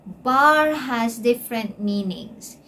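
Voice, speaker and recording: A woman's voice: a little high, lively intonation, slow pace, fairly bright tone, a little hiss or hum. A woman teaching an English lesson, spelling out words letter by letter and often checking in with "okay?". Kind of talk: explanatory lesson.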